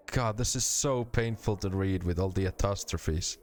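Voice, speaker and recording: A man's voice: low-pitched, normal speed, hardly any pauses, slight background noise. A man with a Finnish accent streaming a game, making exasperated, self-mocking asides while reading. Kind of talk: casual let's-play commentary.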